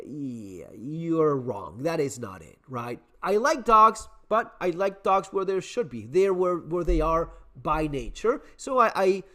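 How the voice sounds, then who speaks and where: A middle-aged man telling a casual story on his channel in an animated way, swearing, repeating words and restarting his sentences. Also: a little high. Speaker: survival channel host.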